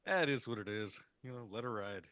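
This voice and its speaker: A man in casual chat, expressive and laughing, swearing freely. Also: fairly low pitch, brisk, smooth, dry recording, clean studio sound.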